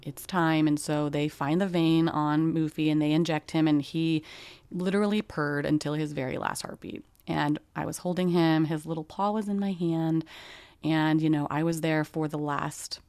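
A woman's voice: sits low, steady tone, moderate pace, a little mellow, clean tone, no room sound. A young adult woman, a podcast host, telling a personal story in a candid, emotional way with casual fillers.

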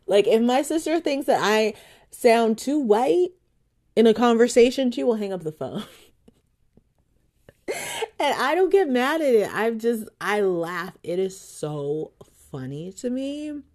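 A woman's voice: fairly high pitch, sing-song, slow, darkish tone. A woman hosting her podcast, rambling and swearing freely in a casual monologue. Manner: profane, rambling, chatty. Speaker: podcast host.

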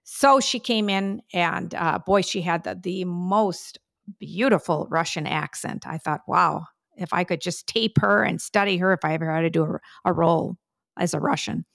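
A woman co-hosting a casual family podcast, telling stories in a chatty, animated way. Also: lowish voice, moderate pace, vocal fry, no room sound, clean studio sound. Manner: chatty storyteller, animated retelling. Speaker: podcast co-host, mother. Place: New York City.

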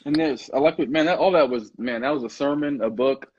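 A man's voice: medium pitch, brisk, a little mellow, slightly rough. A married man co-hosting a faith podcast, cheering his partner on with call-and-response interjections before reflecting on humility in marriage. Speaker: co-host. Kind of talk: casual podcast conversation. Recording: dull lo-fi sound.

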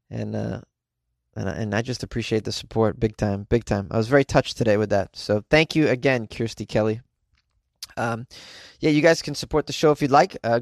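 A man's voice: mid-range voice, gravelly, dry recording, studio quality. A man hosting his own podcast, chatting casually and joking, with many fillers and restarts. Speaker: podcast host. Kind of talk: casual solo podcast talk.

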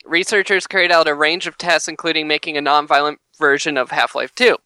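A man's voice: fairly high pitch, steady tone, brisk, sharp tone, smooth, no echo. A man co-hosting a casual podcast, reading news items aloud and joking about them. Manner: reads headlines then riffs jokingly.

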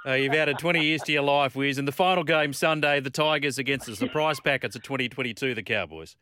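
A man hosting a sports radio show, relaxed and jokey, reading listener texts to his guest. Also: mid-range voice, fast. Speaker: radio host. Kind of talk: casual sports radio chat. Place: radio studio. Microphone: studio mic.

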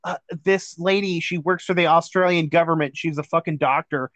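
A man's voice: a little high, fairly quick, dry recording. A man co-hosting a podcast in casual chat, swearing freely and laughing often. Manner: profane, excitable, laughs often. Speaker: podcast co-host.

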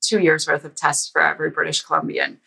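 A woman with a rather low but bright, forceful voice, chatting as a guest on a podcast. She tells anecdotes briskly and slips into quoted dialogue as she goes. She sounds casual and animated. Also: creaky, breathy edge, poor audio. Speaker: podcast guest, security author. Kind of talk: casual storytelling interview. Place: lives in a Canadian province.

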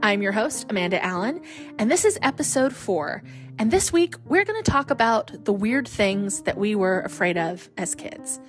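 A woman's voice: medium pitch, moderate pace, faint music behind. Chatty woman podcast host in her forties. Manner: chatty, animated, laughs often. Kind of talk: solo podcast chat.

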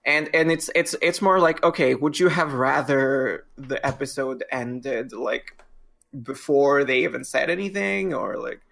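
Gravelly, bright-toned man, rambling jokey podcast co-host. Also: mid-range voice, measured pace. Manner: rambling, joking, swearing. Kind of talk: casual podcast chat.

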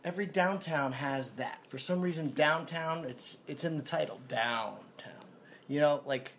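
A man's voice: a little high, moderate pace, fairly bright tone, slight background noise. A man joining a casual chat in a hotel room as a guest comedian, with dry, wisecracking interjections.

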